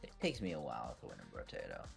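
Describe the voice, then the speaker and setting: Animated teen guy chatting while gaming. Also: rumbling low, fast, vocal fry, over loud music. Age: teens. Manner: animated, swearing, trailing off into laughs. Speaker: streamer. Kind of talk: casual chat while gaming.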